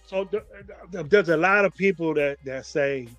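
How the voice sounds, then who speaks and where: A man's voice: a little high, moderate pace, a bit bright, no echo, soft background music. A man in casual sports talk, blunt and emphatic, repeating his points for effect. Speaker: podcast host.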